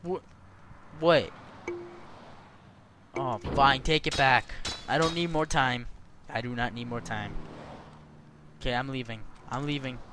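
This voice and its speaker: A man giving profane let's-play commentary, swearing constantly and yelling at the game. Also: medium pitch, fairly even intonation, slow pace, long pauses, background noise. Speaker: gaming commentator.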